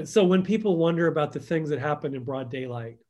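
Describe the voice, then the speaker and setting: A man telling stories as a guest in a conversational interview, acting out quotes and trailing off softly. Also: on the high side, lively intonation, fairly quick.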